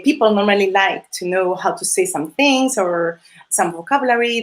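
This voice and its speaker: A Spanish woman, a Spanish teacher and holiday host, chatting in English with a Spanish accent as a non-native speaker, hesitant with many fillers and restarts and frequent laughs. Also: fairly low pitch. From Spain. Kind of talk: casual interview chat. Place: video call or live stream.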